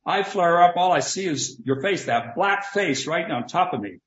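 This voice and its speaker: Preacher putting on a hard-driving baseball boss, pushy and confrontational, voice jumps higher when he presses, roomy and kinda dull sound. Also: expressive, normal speed, a bit bright. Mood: heated. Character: forceful older male baseball executive, cigar-chewing. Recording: roomy, slightly dull recording.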